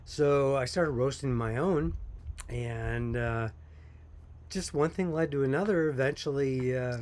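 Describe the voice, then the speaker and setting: A man's voice: medium pitch, unhurried, darkish tone. A man who owns a small coffee company, telling his story in a chatty, folksy way and chuckling now and then. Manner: folksy, chatty, laughs while telling stories. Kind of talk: casual storytelling to camera.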